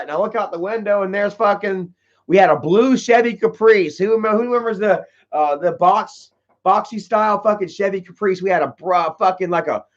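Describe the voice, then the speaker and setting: A man's voice: high-pitched, muffled recording. A man hosting a livestream, telling rambling stories full of swearing, peppered with "you know" and "bro". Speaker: livestream host answering chat. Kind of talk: casual profane storytelling.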